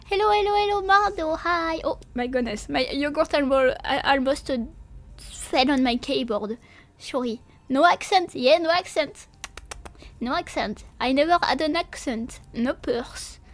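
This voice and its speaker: A woman streamer with a high voice chats casually live at a measured pace. She's giggly and apologetic, hesitant and full of fillers, and talks while eating and drinking.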